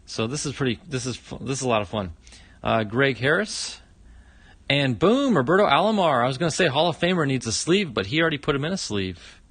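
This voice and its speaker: A middle-aged man chats casually on his own livestream, reacting with lots of exclamations as he opens fan mail. His voice sits at an ordinary middle pitch and sounds close and dry, with no room around it. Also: lively intonation, a little fast, a bit bright, husky, no echo. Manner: enthusiastic, chatty, exclaims often. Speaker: YouTube host opening fan mail.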